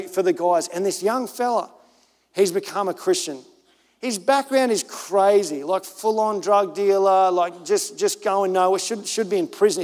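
An Australian pastor preaching a sermon with a high, lifted voice. He tells stories in an animated way and acts out the voices of others. His words ring out with a long reverb through a church hall.

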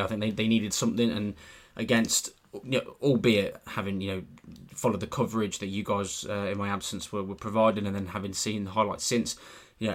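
A man co-hosting a football podcast, chatty and teasing with his co-host, laughing easily. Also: fairly low pitch. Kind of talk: casual podcast chat.

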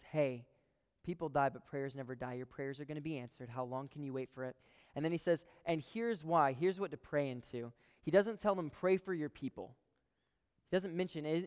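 Young man, preacher, earnest storytelling sermon, clear resonant voice, long hall reverb. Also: fairly high pitch, a little mellow. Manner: storytelling, earnest, addresses crowd as guys.

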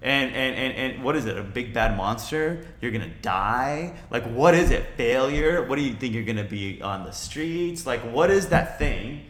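A man's voice: mid-range voice, expressive, moderate pace, hardly any pauses, fairly bright tone. Fired-up blunt man in a roomy space. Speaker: podcast guest, entrepreneur. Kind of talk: motivational casual chat. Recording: roomy echo.

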